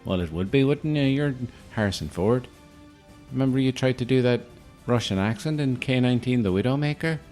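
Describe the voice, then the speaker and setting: A man's voice: medium pitch, animated, fairly quick, darkish tone, soft background music, voice pushed up, close to an everyday voice. A man doing a sly, rambling Northern Irish paramilitary. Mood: teasing. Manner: rambling, teasing, mock-formal "Mister Ford".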